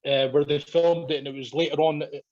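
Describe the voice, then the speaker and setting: A man's voice: fairly high pitch, steady tone, fairly quick, a little mellow. A man, a podcast guest telling a story in casual chat, swearing a lot, laughing and acting out what people said. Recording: dull lo-fi podcast audio.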